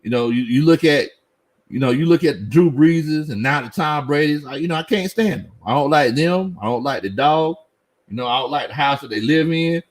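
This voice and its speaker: With a slightly high voice at a moderate pace, this middle-aged man hosts a relaxed sports live stream. He reads comments from viewers, laughs often, and speaks animatedly in Southern slang.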